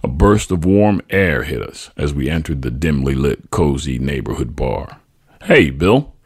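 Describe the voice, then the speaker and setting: A man reading his own memoir aloud as a podcast host, husky and tender. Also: a bass voice, normal speed, a little mellow, dry recording, clean studio sound. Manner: tender, reflective storytelling.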